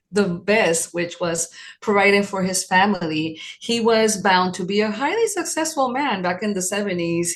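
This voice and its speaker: A woman around sixty from New York City, sharing her personal story as an interview guest, earnest and reflective. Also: mid-range voice.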